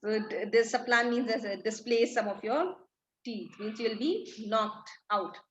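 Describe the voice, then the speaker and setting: Her voice is fairly high and fairly bright, her pace unhurried, and the recording has its highs cut off. She's a female English literature teacher in an echoey room, paraphrasing a play one line at a time while asking and answering her own questions.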